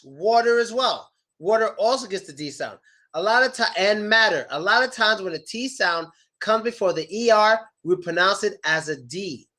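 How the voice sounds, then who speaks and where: A man teaching an online English class, casually repeating words slowly to model their pronunciation. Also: sits high, bright, forceful tone.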